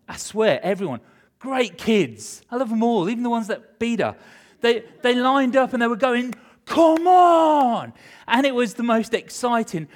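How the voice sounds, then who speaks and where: A middle-aged male pastor with a high-pitched voice preaches a sermon, telling a personal story with animated emotion and swinging between loud and hushed delivery.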